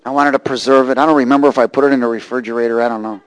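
A man preaching a sermon, reading scripture and telling a lively personal story. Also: mid-range voice, rapid-fire, clear, resonant tone, poor audio. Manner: animated storytelling, rising to shouts and laughter.

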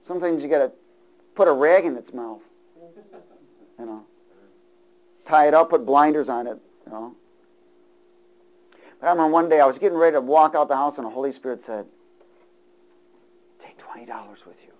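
A middle-aged male preacher giving a sermon, swinging between loud, fervent passages and hushed, near-whispered lines. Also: a little high, brisk, pauses often, poor audio.

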